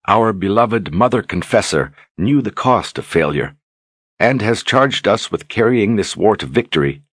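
A man voicing a young queen who reads a grave letter aloud, solemn and measured, in a storybook reading. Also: low voice, breathy edge, dry recording, clean studio sound.

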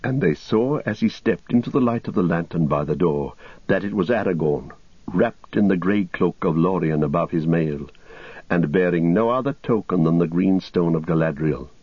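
A man reading an epic story aloud in a steady, measured voice. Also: deep voice, husky, no echo. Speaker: audiobook narrator. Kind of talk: scripted narration. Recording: dull lo-fi recording.

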